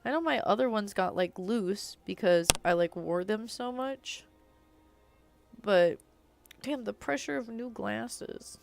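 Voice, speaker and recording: A woman's voice: mid-range voice, slow pace, vocal fry, faint music behind. A young adult woman chatting casually while streaming a game, rambling on and filling her speech with "like.". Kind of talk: casual live-stream chat while gaming.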